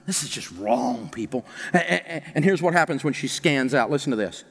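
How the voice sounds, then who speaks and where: A man giving a live financial seminar to an audience, animated and mocking, firing off rhetorical questions. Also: medium pitch, fairly quick, vocal fry. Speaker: financial seminar speaker and radio host. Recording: long reverb of a large hall.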